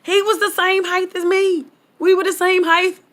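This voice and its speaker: A woman vlogger telling a casual story to her viewers in chatty vernacular speech. She gets excitable and jumps high in pitch on her punchlines. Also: normal speed. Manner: chatty Southern US vernacular, talks straight to viewers. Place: at home, outdoors.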